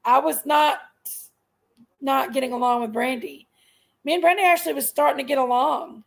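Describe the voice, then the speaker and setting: Middle-aged woman, high and gravelly, emphatic aggrieved live-stream rant. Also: normal speed, poor audio. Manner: aggrieved, emphatic venting, repeats herself. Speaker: livestream host.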